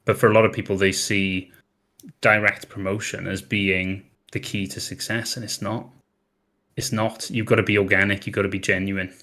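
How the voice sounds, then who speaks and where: A man's voice: on the low side, level tone, normal speed, bright, forceful tone. A man who is a guest on a panel, speaking in a confident, lecturing, emphatic way. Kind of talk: casual panel chat.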